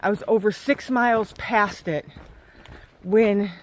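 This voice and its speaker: A woman thru-hiker vlogging outdoors on a mountain trail into a handheld camera, a chatty, animated storyteller. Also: mid-range voice, takes it slowly. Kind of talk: casual trail vlog.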